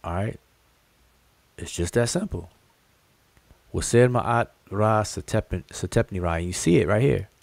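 A man with a fairly low voice teaches on a livestream, walking his viewers through inscriptions. He explains patiently, circles back to repeat key terms, and speaks to his chat directly. His voice is dry and close, with no room around it. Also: animated, a little slow, creaky, long pauses, dry recording. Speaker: host teaching hieroglyphic writing.

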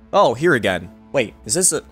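Young man, lively swooping voice, game commentary, faint game music behind. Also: medium pitch, slightly rough. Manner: excitable, laughing, talks to the game. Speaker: gaming YouTuber.

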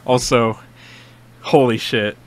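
A young man hosting a casual reaction video, excitable and rambling, swearing often with many restarts. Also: mid-range voice, slow.

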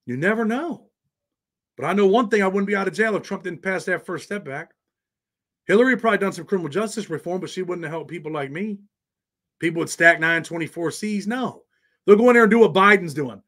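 A man's voice: sits high, lively intonation, brisk, a bit bright. Slangy American man chatting on a livestream. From United States. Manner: loose, slangy, talks straight to chat. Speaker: livestream host. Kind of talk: casual livestream chat reading viewer comments.

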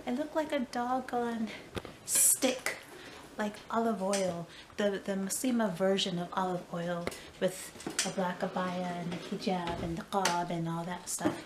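A woman's voice: fairly low pitch, steady tone, a little slow, echoey room, noisy background. Tired chatty woman vlogging at home. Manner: chatty, dramatic sighs and playful exaggeration. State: tired and short of breath. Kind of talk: casual vlog chat. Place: home kitchen. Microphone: phone on a selfie stick.

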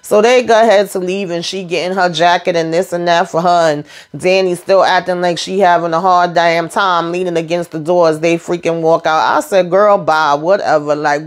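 A woman casually recapping a TV episode, chatty and animated, speaking frankly and mildly cursing as she calls out the characters. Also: on the low side, moderate pace, few pauses. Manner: frank and blunt, with mild swearing. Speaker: TV episode reviewer.

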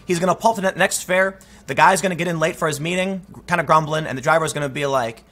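Male political commentator, emphatic and talky; forceful delivery with a husky rasp. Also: on the high side, quick pace, hardly any pauses. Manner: emphatic, conversational, frequent restarts. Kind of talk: opinion commentary, storytelling.

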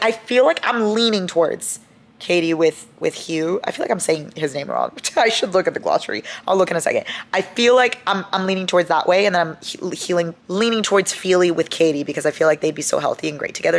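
Gravelly-voiced young woman gushing over books. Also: lowish voice. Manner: gushing, dramatic, talks straight to viewers. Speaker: book vlogger. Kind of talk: casual chatty reading vlog.

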